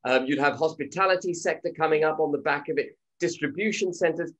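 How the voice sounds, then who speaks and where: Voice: mid-range voice, fairly quick. A speaker from Britain making fluent, argumentative points as a guest on a political talk show. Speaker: panel guest. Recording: dull, lo-fi audio.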